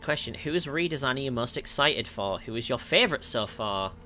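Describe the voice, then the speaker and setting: Animated and a little fast, a man with a mid-range voice sounds pushed and bright. He is a music producer from the north of England, Northern English accent, fielding chat questions on a livestream Q&A with frequent laughter, self-corrections, and lots of ums.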